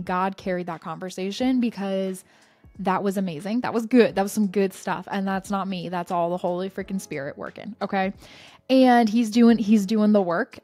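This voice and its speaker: A young woman hosting a faith podcast, chatting casually in a bubbly, animated storytelling way. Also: mid-range voice. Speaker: podcast host.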